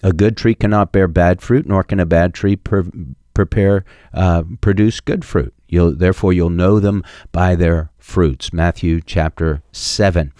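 A middle-aged man preaching a sermon, emphatic and building to sharp peaks, quoting scripture with chapter and verse. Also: sits low, fairly even intonation, a little slow, hardly any pauses, no echo. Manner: emphatic preaching, rising sharply on key points. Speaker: pastor.

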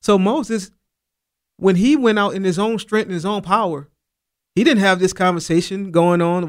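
A man's voice: sits high, normal speed. A man teaching a Bible lesson in a casual, earnest way, dropping in asides like "man" and "you know.".

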